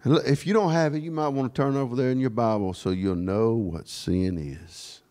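A man preaching a sermon in a church, sprinkling his talk with amen and praise God, swinging from quiet asides to raised, ringing declarations. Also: medium pitch, normal speed. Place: church sanctuary.

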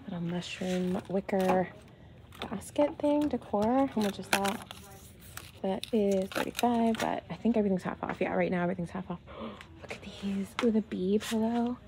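A woman filming a casual shopping vlog. She talks from her car, then murmurs half-whispered comments as she browses a quiet store. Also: medium pitch, moderate pace, background noise. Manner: chatty, gushing over cute finds. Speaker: shopping vlogger.

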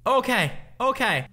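A man with a Swedish accent, a native Swedish speaker, giving gaming commentary, raging, swearing and yelling at the game. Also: extremely high pitch, vocal fry. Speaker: gaming video creator. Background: game music.

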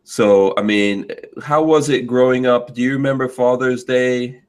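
A man's voice: medium pitch, steady tone, a little slow, clear, resonant tone. A man hosting a casual podcast chat, asking questions and making joking asides. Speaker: podcast host.

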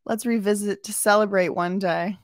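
A woman's voice: mid-range voice, steady tone, normal speed, no room sound, clean studio sound. A woman giving casual, blunt and mocking reaction commentary, often laughing at what she watches.

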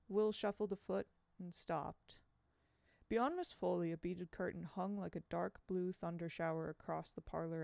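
A woman narrating an audiobook in a measured, expressive reading at a home microphone. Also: medium pitch, creaky, no room sound.

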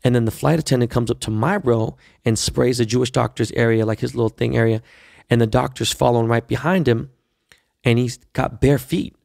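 A man's voice: medium pitch, fairly quick, gravelly, no echo, studio quality. A man hosting a podcast, telling a long profane story in casual monologue and acting out the dialogue as he goes. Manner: profane, animated retelling with quoted dialogue. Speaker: podcast host.

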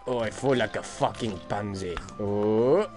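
A man giving gaming commentary as he plays, swearing, laughing and shouting no over and over. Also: medium pitch, lively intonation, measured pace. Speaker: let's play gamer. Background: game music.

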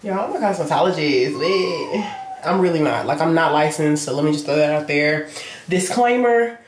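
A woman's voice: sits low, lively intonation, moderate pace, reverberant, a little hiss or hum. A young woman, chatting casually and playfully in a self-filmed vlog, swearing freely. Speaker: vlogger.

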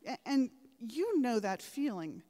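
Her voice sits a little high and is very animated, with a dark tone and a measured pace. She is a woman giving a formal commencement address full of anecdotes and rhetorical questions, recorded in an echoing large ceremony hall.

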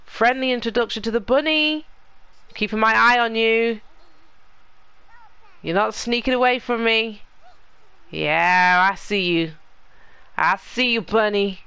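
A woman's voice: a little high, measured pace, long pauses, pushed and bright, smooth, no room sound. A woman hosting a let's play, chatting casually to the characters in her game as she plays. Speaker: gaming channel host.

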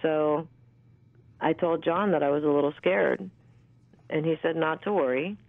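A woman in her fifties, an actress, telling stories in a candid, animated way with plenty of fillers and the odd swear word. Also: low voice, a little slow, creaky, dry recording. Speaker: actress and interview guest. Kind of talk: casual storytelling interview. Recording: tinny dry phone line.

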